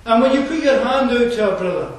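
A man with a Scottish accent preaching a sermon, conversational and digressive, often pausing with fillers and restarting his sentences. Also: very high-pitched, expressive. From Scotland. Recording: echoey room from far off, faint ambience.

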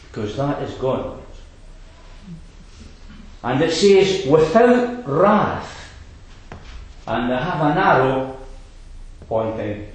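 A man's voice: medium pitch, expressive, slow, pauses often, heavy reverb, low-quality recording. A man preaching a sermon, emphatic and fond of rhetorical asides to his congregation.

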